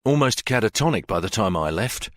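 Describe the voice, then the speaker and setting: A man reads a worried, protective detective with a low voice that rises and falls a lot, urgent and caring as he steadies a friend. The audiobook sound is dry and close. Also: lively intonation, a little fast, fairly bright tone, no echo.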